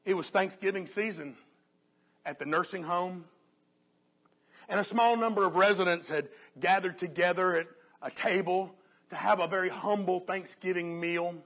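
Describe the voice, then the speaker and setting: A man preaching a sermon earnestly, often dropping to a soft hush on key phrases. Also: high-pitched, steady tone, moderate pace.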